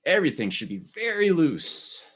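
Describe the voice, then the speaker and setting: A man teaching an online music lesson, guiding students through breathing and warm-up exercises with short, encouraging instructions. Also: fairly high pitch, sing-song, normal speed.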